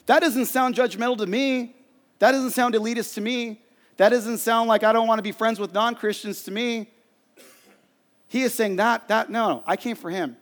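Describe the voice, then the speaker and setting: A man gives a sermon in a conversational way, acting out quotes and stories as he goes. His voice sits high for a man. The sound carries a long reverb, as in a church hall. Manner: animated, conversational preaching with acted-out quotes. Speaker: pastor.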